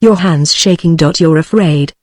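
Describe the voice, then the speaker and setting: A woman's voice: low voice, moderate pace, no echo, clean studio sound. A woman with a British accent, a synthetic voice, reading the lines of a ruthless, misshapen male clerk holding a gun. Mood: menacing. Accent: British English. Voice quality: even synthetic delivery.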